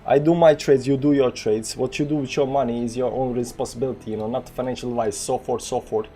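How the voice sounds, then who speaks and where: Soft background music accompanies a Balkan-accented man from the former Yugoslavia as he rambles through casual live crypto trading talk, reading out numbers and using many fillers. His voice is medium-pitched and dark, with fairly even intonation and a quick pace.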